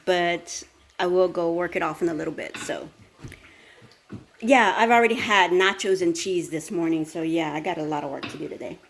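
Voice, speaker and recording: A woman's voice: on the low side, moderate pace. Tired chatty woman vlogging. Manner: chatty, rambling, talks with her mouth full. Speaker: vlog host and fitness coach. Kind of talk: casual morning chat.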